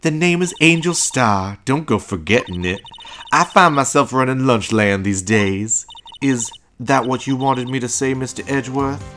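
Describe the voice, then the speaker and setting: A man's voice: medium pitch, moderate pace, a bit bright, slight background noise, pitched above the performer's own voice, close to an everyday voice. A man voicing a brash, cocky former woman detective who runs a lunch stand, with a smug, taunting manner. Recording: game music behind voice.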